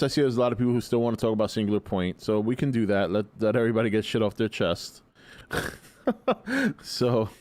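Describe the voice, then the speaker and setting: A man's voice: lowish voice, a little mellow, smooth, dry recording. A man hosting a casual live stream in a groggy, just-woken voice, rambling and opinionated as he answers chat and swears freely. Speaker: livestream host.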